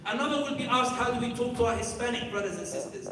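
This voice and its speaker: A man's voice: extremely high pitch, fast, background noise. A man giving an emphatic live talk at a youth conference, firing off rhetorical questions and directing the crowd. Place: large conference hall. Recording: echoey hall from far off.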